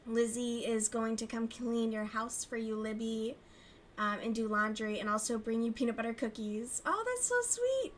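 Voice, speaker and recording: A woman's voice: a little high, completely flat delivery, moderate pace, a little hiss or hum. A young woman hosting a crochet livestream, chatting casually with viewers, swearing and laughing often. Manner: profane, gossipy, laughs often. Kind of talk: casual chat with chat readers.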